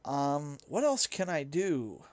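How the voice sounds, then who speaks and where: Dry, slightly high-voiced male streamer. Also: sing-song, no room sound. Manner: chatty and rambling, quick to laugh at himself. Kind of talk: casual chat while gaming and reading chat.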